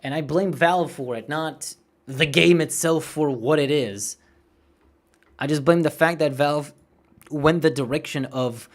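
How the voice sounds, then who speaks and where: Reading viewer messages and chatting casually while he games, a streamer in his late twenties rants and swears a lot. His youthful voice is a little high and a little slow.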